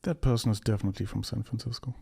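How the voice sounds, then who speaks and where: A man's voice: on the low side, fairly even intonation, rapid-fire, vocal fry, loud music behind the voice. Male movie reactor, casual, sarcastic and mocking. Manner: sarcastic, mocking, bursts of laughter.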